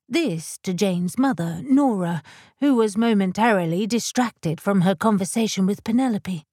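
A woman narrates a period romance novel in a measured, even storytelling voice. Her pitch sits in a middle range. The recording is dry and close, with no room sound. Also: husky, no room sound. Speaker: audiobook narrator. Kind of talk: scripted narration.

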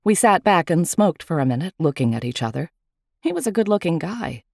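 Low, lively woman telling a story. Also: brisk, creaky, dry recording, clean studio sound. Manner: lively, wry first-person telling. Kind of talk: storytelling narration.

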